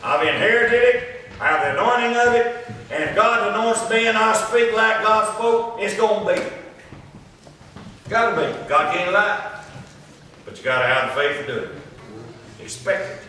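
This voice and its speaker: A man preaching a sermon, emphatic and repeating his points, slowing down to read scripture. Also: high-pitched, animated, sharp tone, slight background noise. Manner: emphatic, repeats lines, reads scripture slowly. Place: church. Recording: echoey church room, distant mic.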